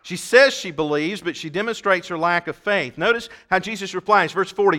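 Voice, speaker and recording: Preacher, man, bright and fairly high, shouts the scripture then drops low for asides. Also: brisk, few pauses. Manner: reads scripture aloud, swings from loud emphatic shouts to low asides. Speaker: pastor. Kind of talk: sermon.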